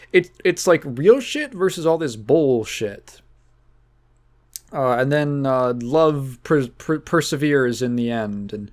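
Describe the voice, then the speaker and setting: A young man hosting a casual podcast, rambling loosely with lots of fillers and the odd curse. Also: mid-range voice. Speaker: podcast host. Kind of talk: casual chat.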